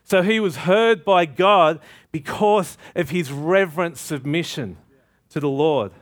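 Animated, higher-voiced man preaching a sermon. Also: unhurried. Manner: animated storytelling with laughter; conversational, asks "right?".

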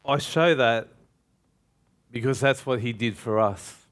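A man's voice: medium pitch, slow. A man preaching a sermon, emphatic and calling out questions to the congregation.

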